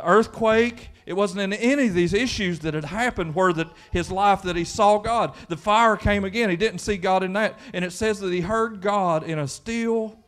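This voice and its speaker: A man preaching a folksy sermon in church, acting out the voices from the Bible story. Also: sits high. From Kentucky. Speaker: pastor.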